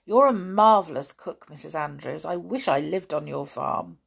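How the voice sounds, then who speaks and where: A woman's voice: low voice, expressive, normal speed, gravelly, breathy edge, heavily acted. A woman voicing a polite, well-mannered schoolboy who speaks with courteous enthusiasm. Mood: cheerful.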